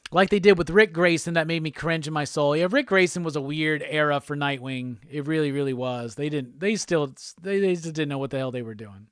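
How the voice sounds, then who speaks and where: A man hosting a live pop culture stream, chatting casually and reading viewer comments aloud with quick laughs. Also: on the high side, a bit bright, smooth, dry recording, studio quality. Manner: laid-back, chatty, quick laughs, reads chat aloud.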